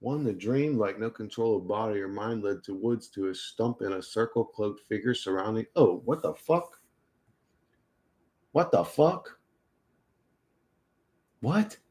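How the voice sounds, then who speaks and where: A man's voice: fairly low pitch, lively intonation, a little slow, pauses often, a little mellow. A man streaming casual chat with viewers, talking in a crude, profane way and laughing often.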